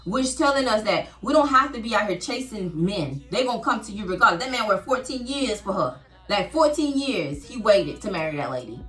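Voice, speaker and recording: A woman podcast host, talking in a casual faith-based chat with a preachy, animated storytelling manner. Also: medium pitch, brisk, echoey room, far from the mic, faint music behind.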